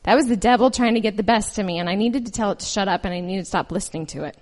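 A woman's voice: mid-range voice, rapid-fire, a little mellow. A woman reading scripture aloud, then preaching in an earnest, conversational way with personal stories. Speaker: lay preacher.

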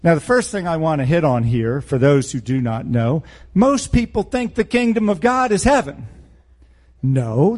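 A man's voice: on the high side, darkish tone. A man preaching a verse-by-verse Bible teaching sermon in a blunt, emphatic way, with sarcastic asides.

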